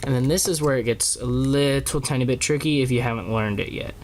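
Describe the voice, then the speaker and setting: A man walking through a toy transformation in a casual review, talking haltingly with many fillers and self-corrections, recorded on a camera on a small tripod. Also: mid-range voice, darkish tone, slight background noise.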